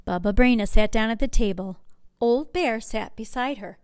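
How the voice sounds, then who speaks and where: A woman working as a children's librarian, reading a picture book aloud with clear, expressive storytelling. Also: a little high, moderate pace, dry recording, clean studio sound.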